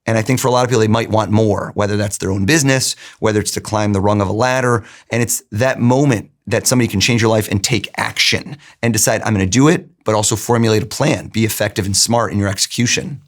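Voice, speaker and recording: The guest here, a middle-aged mentalist, talks fast and on the low side, with few pauses. During this conversational interview he tells animated stories and dramatizes what others said.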